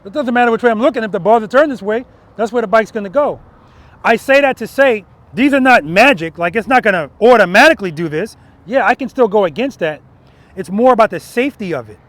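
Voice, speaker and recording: A male motorcycle instructor speaking outdoors in a parking lot, with a fairly high voice. He coaches emphatically and repeats his main points. He often drops in a quick "right?" to check that his students are following. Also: animated, fairly bright tone, no echo. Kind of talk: outdoor riding lesson.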